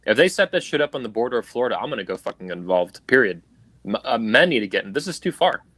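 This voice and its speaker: A man's voice: lowish voice, lively intonation, fast, fairly bright tone, no room sound. A man hosting a livestream, delivering a heated, profane political rant in an angry, emphatic way over a video call. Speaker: livestream host. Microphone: video call stream.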